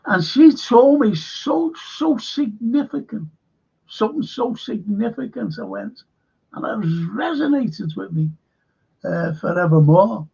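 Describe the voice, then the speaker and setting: An older man chats on his livestream in a slow, gravelly, husky voice, looping back over his words. The sound is dull and lo-fi. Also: high-pitched. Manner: rambling, repeats himself, many fillers. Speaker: livestream host reading chat. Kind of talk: casual livestream chat. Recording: dull lo-fi stream audio.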